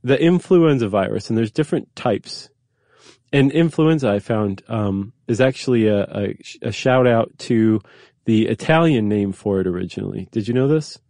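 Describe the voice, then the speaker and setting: A man's voice: lowish voice, normal speed, dark tone, dry recording, studio quality. A man co-hosting a podcast, explaining things in a curious, casual way with many fillers. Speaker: podcast co-host. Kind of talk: casual conversational chat.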